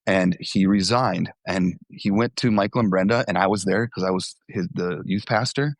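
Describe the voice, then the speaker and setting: A man's voice: deep voice, normal speed, vocal fry, dry recording. A young adult man, a former youth pastor, telling candid stories in an interview, with fillers and restarts.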